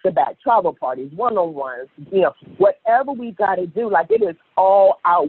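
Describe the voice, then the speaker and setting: A woman speaking as a sales director on a motivational conference call, excitable and gushing, often repeating herself. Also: mid-range voice, moderate pace, few pauses, husky, no echo. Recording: tinny phone line.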